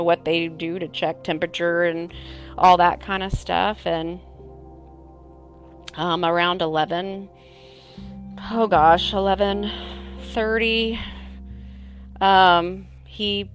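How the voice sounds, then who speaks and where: A woman telling a personal story in an earnest, halting way, as an interviewee. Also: on the low side, fairly bright tone. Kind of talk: personal recollection.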